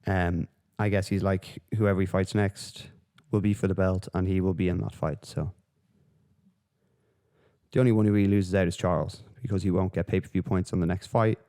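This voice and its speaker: A man's voice: low voice, steady tone, normal speed, mellow. A man hosting a solo podcast, rambling and swearing through casual commentary with lots of fillers. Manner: profane, rambling, with frequent fillers. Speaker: podcast host.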